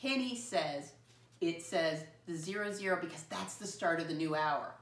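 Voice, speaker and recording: A woman teaching a first grade class, speaking slowly and clearly to young children and spelling words out letter by letter. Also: on the low side. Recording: roomy sound from a distant mic.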